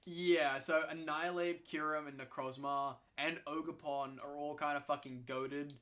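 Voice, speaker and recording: A man in casual game commentary, excitable and swearing freely, often restarting his sentences. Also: a little high, moderate pace. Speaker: co-host commentating league matches.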